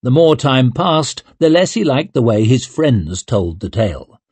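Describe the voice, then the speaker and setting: A man narrating a fantasy audiobook in a measured, even reading. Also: medium pitch, breathy edge, no room sound. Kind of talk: scripted narration.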